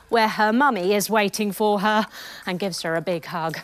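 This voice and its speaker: A woman in her thirties leading a children's yoga lesson as a told story, animated and soothing with a sing-song delivery. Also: medium pitch, normal speed. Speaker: kids yoga instructor.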